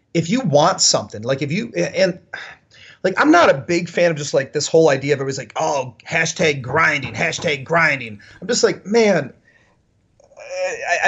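Husky man telling stories animatedly. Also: on the high side, highs cut off. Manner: animated, full of "like" fillers. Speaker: podcast guest. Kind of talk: casual storytelling.

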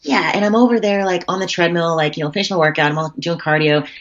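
A lowish-voiced woman tells rambling stories in casual podcast chat, full of fillers and cheerful swearing. Her voice comes through a computer call, sounding dull and lo-fi. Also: fairly even intonation, fast. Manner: chatty storyteller, frequent swearing and fillers. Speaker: podcast guest, bodybuilder. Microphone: computer call setup.

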